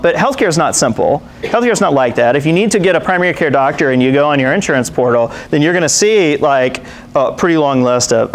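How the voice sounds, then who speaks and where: A man with a fairly high voice gives a conference talk in a loose, chatty way. He tells stories and fills his sentences with ums and restarts. A faint hiss of noise sits under the recording. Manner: casual, anecdotal, many fillers and restarts. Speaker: conference speaker. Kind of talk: presentation talk. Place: conference stage.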